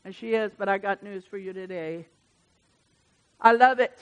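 A woman preaching a sermon in church. She swings from hushed asides to loud, emphatic bursts. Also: mid-range voice, normal speed, smooth, muffled recording. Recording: reverberant church hall.

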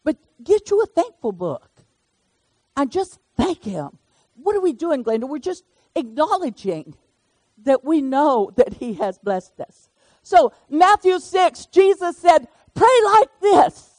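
Older woman, preacher, high voice, folksy sermon, talks to the crowd by name. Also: big pitch swings, a little slow, darkish tone, no echo. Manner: folksy, conversational, calls on listeners by name.

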